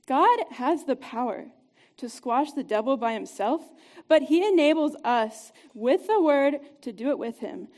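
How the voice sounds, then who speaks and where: A woman giving an upbeat, conversational devotional talk to a group, chatty and quick to laugh. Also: high voice, darkish tone. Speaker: church teacher.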